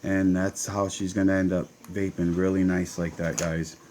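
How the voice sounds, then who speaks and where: A man's voice: low-pitched, level tone, moderate pace, noisy background. A man with a Connecticut accent, casually talking viewers through a hands-on build as he works. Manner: chatty, talks to viewers while working. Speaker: vape channel host.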